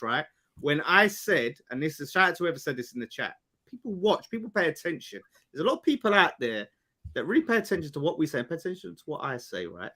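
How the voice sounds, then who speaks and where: A man on a casual football podcast, boastful and animated, bantering and swearing. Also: on the high side, quick pace. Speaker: podcast panelist.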